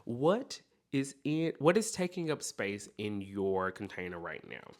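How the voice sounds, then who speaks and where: A man hosting a self-help podcast, talking straight to the listener in an animated, encouraging way. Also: lowish voice, a little slow. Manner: animated, speaks straight to the listener with repeated okays. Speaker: podcast host.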